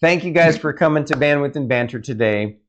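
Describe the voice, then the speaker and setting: A man's voice: fairly high pitch, a little fast, muffled recording, slight background noise. A man hosting a casual podcast chat, rambling with many fillers and restarts. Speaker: host.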